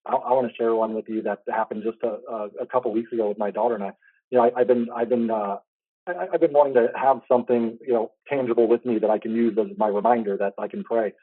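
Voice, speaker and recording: A man's voice: mid-range voice, steady tone, quick pace, dry recording. A man hosting an interview, telling a personal faith story in an earnest, rambling way. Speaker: host. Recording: tinny phone-like line, dry.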